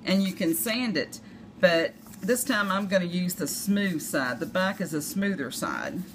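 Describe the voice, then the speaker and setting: A woman with a Southern US accent, chatting through a crafting tutorial with rambling, self-deprecating asides. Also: lowish voice. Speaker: craft demonstrator. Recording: noisy home recording.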